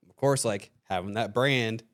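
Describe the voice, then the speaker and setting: A man's voice: on the low side, moderate pace. A young man hosting a podcast, telling a story in casual chat, swearing freely and acting out the voices of people he quotes. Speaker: podcast host.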